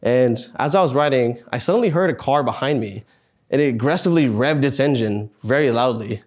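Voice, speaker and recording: A young man in his twenties recounts a personal story to an audience of students. His delivery is earnest and halting, broken up by pauses and heavy sighs, and his voice sits at an ordinary middle pitch. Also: a little mellow. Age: 20s. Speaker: speaker at a student fellows meetup.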